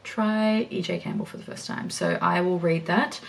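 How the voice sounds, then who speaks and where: A woman's voice: on the low side, fairly even intonation, normal speed, gravelly, far from the mic. A woman chatting casually through a book review vlog at home, thinking aloud with restarts. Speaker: book vlogger. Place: home, working indoors.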